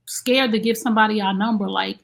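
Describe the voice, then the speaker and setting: A woman co-hosting a casual talk show, telling an animated story and acting out what people said. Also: medium pitch, fairly quick, vocal fry. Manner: animated storyteller, acts out quoted dialogue. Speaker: co-host; special needs mom. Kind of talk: casual chat.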